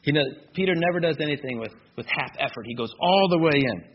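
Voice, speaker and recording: A man with a slightly high voice preaches a verse-by-verse sermon, hammering home points through repetition. The recording sounds muffled and lo-fi, with a faint hiss behind him. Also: animated, quick pace. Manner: emphatic, repeats key phrases for stress. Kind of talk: expository sermon. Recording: dull lo-fi recording with faint noise.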